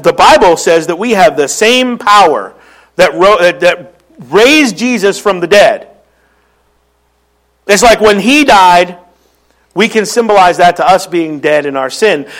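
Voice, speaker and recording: A man with a Philadelphia accent delivers a sermon in a notably high voice. He teaches earnestly, reading scripture aloud and explaining what each verse means for his congregation. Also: animated, unhurried, a bit bright. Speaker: pastor.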